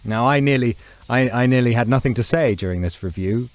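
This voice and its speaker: A man's voice: mid-range voice, fairly quick, soft background music. A man reviewing films on a radio show, enthusiastic and giggly, his voice a bit throaty today. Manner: giggly, enthusiastic, self-mocking. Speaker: film reviewer guest. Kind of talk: radio film review chat. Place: radio studio.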